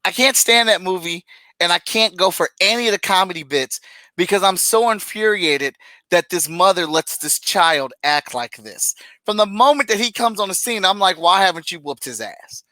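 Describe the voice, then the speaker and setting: A high-pitched man with a bright, sharp tone holds forth in a casual podcast chat. He rants with animated exasperation, breaking into laughs between points. The sound is dry and close. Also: normal speed, no echo, poor audio. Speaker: podcast co-host.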